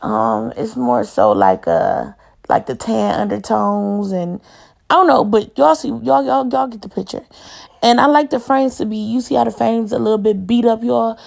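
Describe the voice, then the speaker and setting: A woman's voice: a little high, lively intonation, moderate pace, vocal fry, a little mellow. A young adult woman, chatting casually through a home tour and rambling as she keeps calling her viewers y'all. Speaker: home decor vlogger.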